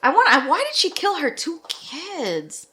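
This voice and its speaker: A woman's voice: sits high, huge pitch swings, unhurried, bright, forceful tone. A woman co-hosting a podcast, reacting with exclamations and frequent swearing in casual chat. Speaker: podcast co-host.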